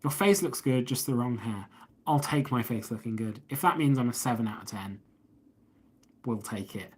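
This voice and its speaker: A man's voice: medium pitch, expressive, moderate pace, breathy edge. A man with an English accent hosting a casual live stream, rambling as he reads viewer comments aloud and answers them, talking into a phone he holds up. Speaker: host of a live stream about watches. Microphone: phone held up.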